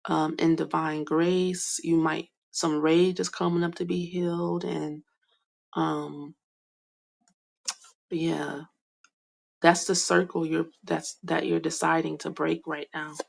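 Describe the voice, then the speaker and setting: A young woman giving a soft, hesitant spiritual card reading, full of fillers and whispered asides. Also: sits low, flat delivery, takes it slowly, creaky. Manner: whispers names to herself while reading cards. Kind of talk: slow meandering card reading monologue.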